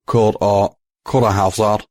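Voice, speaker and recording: A man voicing a young male pegasus in a fan audiobook, with a hesitant, halting way of speaking. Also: on the low side, flat delivery, darkish tone, no room sound, close to an everyday voice. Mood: timid. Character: timid young male pegasus, gruff friend.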